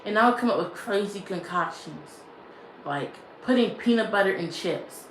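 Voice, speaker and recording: This woman's mid-range voice has lively intonation and a moderate pace as she chats on her livestream. She laughs frequently, wanders, and keeps restating phrases, all captured in an echoey room on a low-quality recording with slight background noise.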